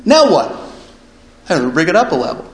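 A man's voice: mid-range voice, sing-song, fast talker, gravelly. A man reads passages from a book aloud and explains them in a casual way. He keeps checking in with his listeners by asking "right?". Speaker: discussion leader reading from a recovery book. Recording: echoey room.

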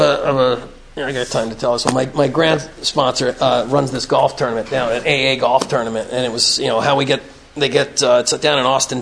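Gravelly earnest man telling stories. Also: mid-range voice, a bit bright. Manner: earnest, storytelling, plain-spoken. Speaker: recovery meeting speaker. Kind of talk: conversational talk at a recovery meeting. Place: meeting room, evening gathering.

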